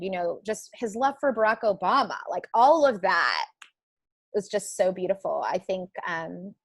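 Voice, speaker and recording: A woman's voice: mid-range voice, breathy edge, no room sound. A woman guest in an interview, a writer and book editor, speaking in a reflective, conversational way with frequent "like" and "you know".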